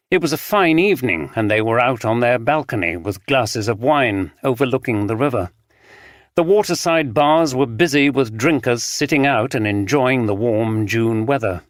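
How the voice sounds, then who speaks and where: Male narrator, audiobook, measured reading, middle pitch, dry close recording. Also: no room sound. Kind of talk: scripted narration.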